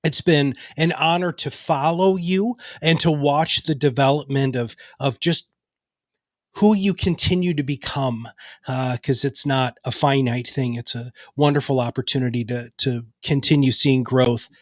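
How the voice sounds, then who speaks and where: A man's voice: mid-range voice, a little slow, no echo, clean studio sound. A man hosting an interview show, thanking his guest in an appreciative, upbeat way. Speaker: host.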